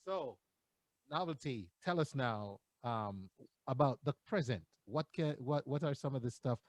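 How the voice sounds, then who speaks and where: A man's voice: medium pitch, measured pace, no room sound. Man hosting a radio talk show. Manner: announcer-style delivery with filler hesitations.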